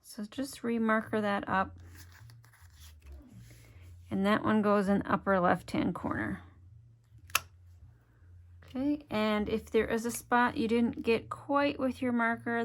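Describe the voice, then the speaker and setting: Chatty Midwestern woman teaching a craft. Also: mid-range voice. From Wisconsin, USA. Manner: chatty, step-by-step, thinks aloud while working. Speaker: craft demonstrator. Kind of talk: hands-on craft tutorial.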